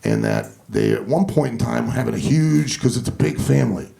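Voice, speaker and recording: Gravelly man telling stand-up stories. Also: medium pitch, fairly quick. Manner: profane, animated storytelling. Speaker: stand-up comedian. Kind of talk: stand-up storytelling. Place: comedy club stage.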